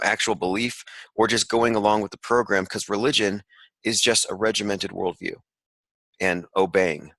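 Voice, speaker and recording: A man gives sarcastic, rambling commentary to an online call, reading pieces of an article aloud with frequent asides. His voice sits a little low but sounds bright and forceful. The sound is close and dry, with no room around it. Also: dry recording, poor audio. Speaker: podcast host.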